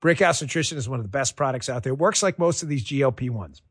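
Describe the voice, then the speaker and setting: A man doing a live sponsor read on the radio, energetic and casual. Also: fast talker, breathy edge, no echo, clean studio sound. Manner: pitchy, energetic, casual salesman tone.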